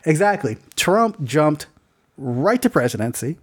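A man's voice: fairly high pitch, measured pace, slightly rough. Rambling, swearing young man co-host. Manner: rambling, animated, swears a lot, many fillers. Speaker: podcast co-host. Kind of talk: casual chat.

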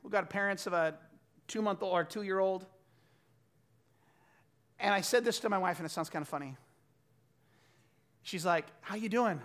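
A man in his thirties preaching a sermon, telling stories and swinging from loud bursts to quiet asides. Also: high-pitched, normal speed, long pauses. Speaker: pastor.

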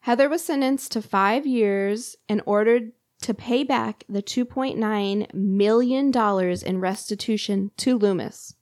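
A woman's voice: mid-range voice, unhurried, few pauses, a little mellow, no echo, clean studio sound. Casual woman telling a crime story. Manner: conversational, lots of "like" and fillers. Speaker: podcast host telling a true crime story.

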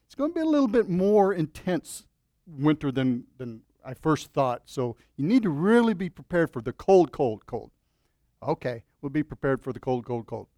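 A man voicing an apologetic male weather service clerk in a joke, soft and earnest. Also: fairly high pitch, big pitch swings, normal speed, no echo, studio quality.

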